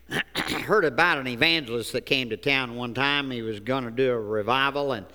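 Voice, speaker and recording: Male preacher, unhurried folksy sermon, smooth clear voice, church hall reverb. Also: medium pitch, sharp tone. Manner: slow, folksy storytelling, deliberate emphasis. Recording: echoey hall.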